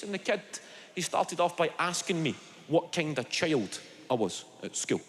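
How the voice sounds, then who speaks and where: High-voiced Glaswegian comedian, sweary. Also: male voice, sing-song. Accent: Glaswegian Scottish. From Scotland. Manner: sweary, storytelling, quick asides. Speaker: stand-up comedian. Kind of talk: stand-up routine. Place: large theatre with live audience. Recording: echoey live hall with loud audience laughter.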